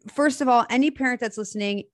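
A woman's voice: fairly high pitch, quick pace, no room sound, clean studio sound. A woman in her thirties hosting a podcast, talking casually and enthusiastically in spiritual terms. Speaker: podcast host. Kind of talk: casual conversation.

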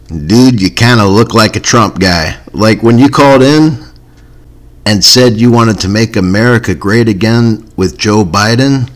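A man hosting a comedy podcast, talking in a laid-back, dry way that often trails off. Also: fairly low pitch. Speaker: podcast host. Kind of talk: casual comedy podcast chat.

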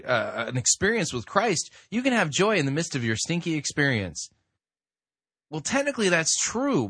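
A man's voice: high-pitched, fairly bright tone, husky, no echo, clean studio sound. A man giving critical commentary on a sermon in a sarcastic, exasperated way. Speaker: podcast host reviewing sermons.

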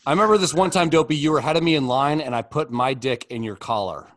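A man's voice: medium pitch, fast talker, dry recording. Middle-aged man in dry, joking banter. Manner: joking, rambling, reads a roast speech aloud. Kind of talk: casual crude banter.

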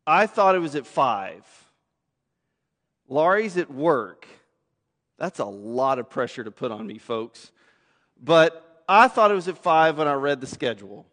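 Pastor, man, 30s, slightly high voice, chatty self-deprecating sermon, long church reverb. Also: very animated, a little slow, long pauses, fairly bright tone. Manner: conversational, self-deprecating, repeats words when starting a thought. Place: church sanctuary.

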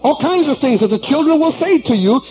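A man's voice: very high voice, animated, fairly quick, dull audio, soft background music. A man preaching a sermon, often restarting and filling with "uh". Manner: preaching with many restarts and fillers, acting out quoted voices.

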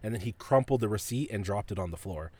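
A man's voice: fairly low pitch, expressive, fast, a little mellow. A man hosting a podcast, telling a story in a casual, profane way and laughing often. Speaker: podcast host.

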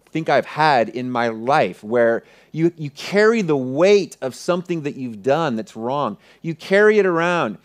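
Pastor guy telling a story in his sermon, kinda high voice, gets real quiet and earnest. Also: lively intonation, normal speed, few pauses. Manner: earnest, vivid retelling with many soft hushed passages.

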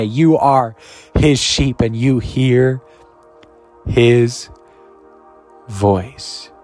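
A man giving an energetic, joking podcast sermon, rushing through asides and then slowing down to repeat key lines. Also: fairly high pitch. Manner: energetic, joking, swings between rapid asides and slow emphatic repetition. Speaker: podcast preacher. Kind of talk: casual sermon.

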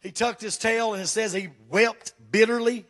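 Preaching a sermon to his congregation, a pastor speaks in a voice that is high for a man, steady in tone and a bit bright, at a moderate pace. He's fervent and emphatic, repeatedly putting questions directly to the church.

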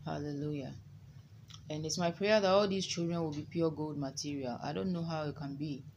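Woman prayer leader, low and unhurried, reverent amens, noisy background. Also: steady tone, a little mellow, highs cut off. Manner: slow, reverent, with frequent amens and hallelujahs. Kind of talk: informal sermon and Bible reading.

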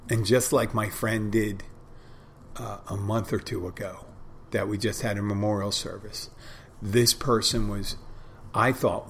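Man, podcast host, solo monologue, slow and a bit low, reflective and rambling, faint ambience behind. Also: a bit bright, slight background noise. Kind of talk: casual monologue.

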